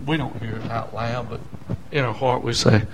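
An older man, a pastor preaching a sermon in a folksy way, with loud shouted passages and quiet asides. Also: medium pitch, fairly even intonation, moderate pace, background noise.

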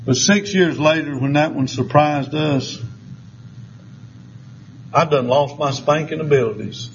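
An older man with a drawl preaches to his congregation, spinning folksy, joking stories. His voice sits high for a man, and the recording sounds a little dull and muffled. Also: unhurried, slight background noise. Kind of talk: sermon.

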